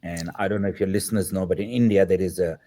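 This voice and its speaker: Low-voiced man telling a story. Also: fast. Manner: animated, acts out the dialogue of the people in his story. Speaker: podcast guest. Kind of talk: storytelling in an interview.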